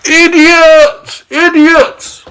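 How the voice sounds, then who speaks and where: A man voicing a boastful, rude male centipede from a storybook, who shouts insults and scoffs. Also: mid-range voice, very animated, a little slow, a little hiss or hum. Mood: yelling insults.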